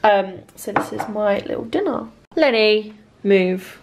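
A woman's voice: mid-range voice, lively intonation, unhurried, background noise. A young woman chatting casually at home in a vlog, peppering her talk with "literally". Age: young adult. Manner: chatty, says "literally" constantly. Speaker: vlogger.

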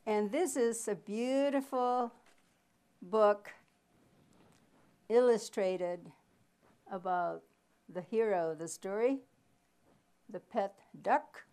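Slow, deliberate woman teaching a workshop. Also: medium pitch, a little mellow. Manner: slow, deliberate explaining with pauses; asks the audience questions and answers them herself. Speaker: reading workshop presenter.

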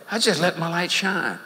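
Animated preacher in a big hall. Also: male voice, a little high. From Louisiana, USA. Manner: folksy, animated, laughing between lines. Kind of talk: sermon. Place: large church auditorium. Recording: long hall reverb with faint crowd ambience.

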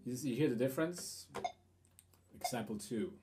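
A man's voice: mid-range voice, animated, normal speed. A man giving a guitar lesson, explaining rhythm in a hesitant way with fillers and restarts. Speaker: guitar teacher.

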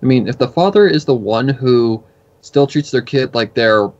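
A man's voice: mid-range voice, normal speed, a little mellow. Rambling young man, muffled lo-fi sound. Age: 20s. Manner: rambling, swears often. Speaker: commentator. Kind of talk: casual reaction chat. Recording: dull lo-fi recording.

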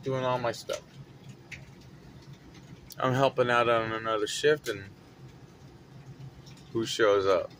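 Slow-talking man telling a dramatic story. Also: mid-range voice, fairly even intonation, a bit bright, a little hiss or hum. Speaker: retail worker telling a story. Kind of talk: casual storytelling vlog.

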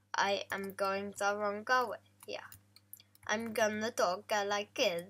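Bright, playful young gamer woman. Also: medium pitch. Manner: joking, chatty, playful, talks to animals in game. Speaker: gaming vlogger. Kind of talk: casual game commentary.

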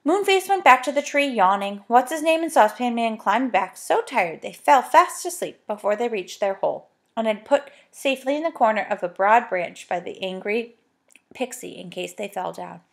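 A woman reading a children's storybook aloud, gentle and chatty, with little asides to the listener. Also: a little high, expressive, moderate pace, creaky. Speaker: narrator.

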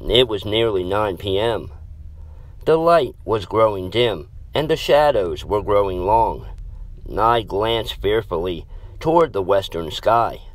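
A man narrating a horror story in a dramatic, measured way. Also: lowish voice, expressive.

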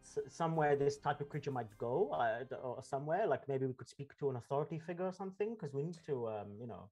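A man's voice: medium pitch, expressive, quick pace, a little mellow, soft background music. A man playing a tabletop game over a video call, rambling and joking with many fillers. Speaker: player. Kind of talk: casual tabletop play.

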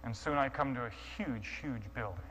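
A man's voice: medium pitch, brisk, a bit bright, muffled recording. A man telling a dramatized sermon story, acting out his own thoughts with stammering restarts, heard in an echoey hall with a faint hum. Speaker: guest speaker.

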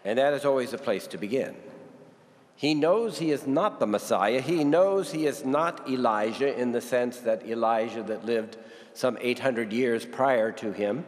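A man giving a homily at Mass, speaking slowly and deliberately with long pauses and repeated questions. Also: medium pitch. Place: parish church. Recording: reverberant church.

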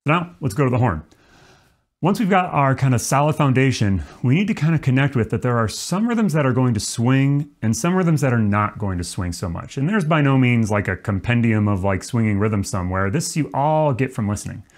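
A man teaching trombone, explaining swing feel in a relaxed, demonstrative way. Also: mid-range voice, fairly quick. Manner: relaxed, demonstrative, counts off and sings rhythm syllables. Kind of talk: music lesson.

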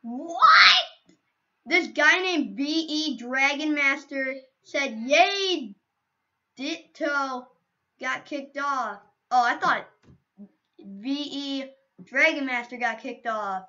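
A woman's voice: high voice, slow pace, pushed and bright, highs cut off. A woman streaming a game, chatting casually to viewers in a playful, rambling way with silly asides, on a computer microphone. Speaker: gaming streamer.

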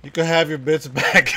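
A man's voice: a little high, bright, forceful tone, a little hiss or hum. A man streaming a horror game live, chatting with viewers, swearing casually and yelping at the scares. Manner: jumpy, yelps and laughs at scares, chats with viewers.

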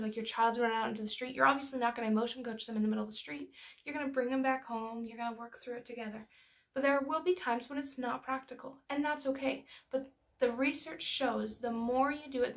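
A woman's voice: a little high, vocal fry. A woman, a mother, talking casually and telling stories as she teaches parents, with many filler words. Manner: chatty, storytelling, lots of filler words. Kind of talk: casual educational talk.

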